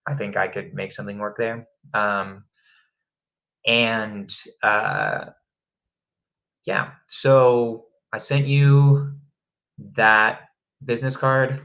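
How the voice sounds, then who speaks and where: A man's voice: lowish voice, steady tone, very slow, creaky, pauses often, a bit bright, low-quality recording. A man coaching real estate wholesaling in a rambling, chatty way, often laughing at himself. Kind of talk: casual live-stream teaching.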